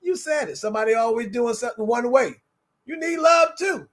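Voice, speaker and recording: High-voiced co-host, hyping and agreeing. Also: male voice, lively intonation, a little fast, a bit bright. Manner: affirming, playful hype man. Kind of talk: casual talk show chat.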